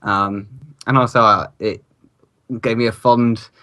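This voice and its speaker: A man's voice: on the low side, steady tone, a little slow, bright, forceful tone. A man from England, chatting casually as a player in a wry, rambling way. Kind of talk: casual chat.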